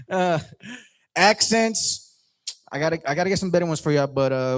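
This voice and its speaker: A man's voice: a little high, unhurried, pauses often. A man hosting an open mic comedy night, bantering playfully with the crowd on a lounge stage mic. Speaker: host.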